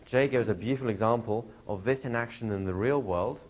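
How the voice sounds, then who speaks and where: A man's voice: mid-range voice, quick pace, darkish tone, a little hiss or hum. A man, a hypnosis instructor, answering a student's question in a live workshop, telling stories, laughing and acting out quoted dialogue. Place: training room with students.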